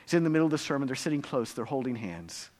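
A male pastor preaching a sermon, earnest and storytelling, swinging between hushed low passages and loud, emphatic climaxes. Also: big pitch swings, racing.

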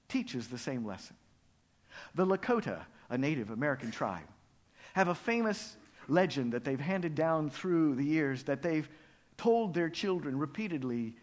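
A man preaching a sermon, telling a story in a dramatic, expressive way. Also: fairly high pitch. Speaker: pastor.

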